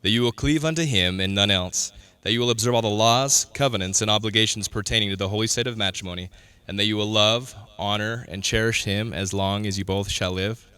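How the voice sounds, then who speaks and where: A man officiating a wedding in a measured, formal and solemn way. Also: on the low side, pushed and bright, smooth. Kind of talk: ceremonial officiating.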